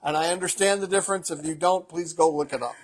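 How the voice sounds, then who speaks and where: A man's voice: on the high side, fast talker, slight background noise. A man co-hosting a casual cocktail show as the bartender, joking bluntly and crudely and explaining drink facts like a short lecture. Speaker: co-host, bartender. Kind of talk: casual chat.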